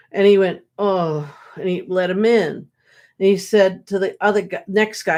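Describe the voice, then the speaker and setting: A woman's voice: mid-range voice, fairly even intonation, moderate pace, a little mellow. A woman psychic medium chatting casually on a livestream, rambling as she relays messages and jokes from spirits, sounding worn out. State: tired. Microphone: webcam or computer mic.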